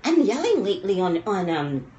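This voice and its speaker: A woman commentating on pop culture in a rambling, emotional livestream rant, dropping low and quiet when upset. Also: lively intonation, unhurried, roomy sound, muffled recording, slight background noise.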